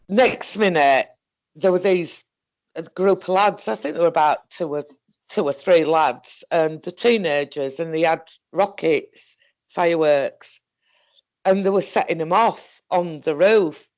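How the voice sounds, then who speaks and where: A woman's voice: fairly low pitch, a little mellow. Rambling Northern English woman. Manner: halting, self-correcting, full of fillers and restarts. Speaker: guest recounting a paranormal experience. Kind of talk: rambling personal storytelling.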